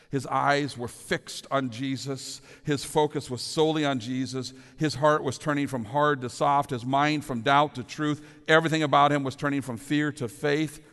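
A man's voice: medium pitch, moderate pace, fairly bright tone. Earnest male pastor in a reverberant hall. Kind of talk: sermon. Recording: long reverb of a large hall.

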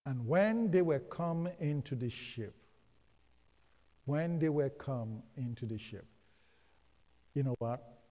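A man's voice: mid-range voice, expressive, slow, pauses often, dark tone, muffled recording. A man preaching a sermon, calling on the congregation to answer and repeating phrases for emphasis. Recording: long hall reverb.

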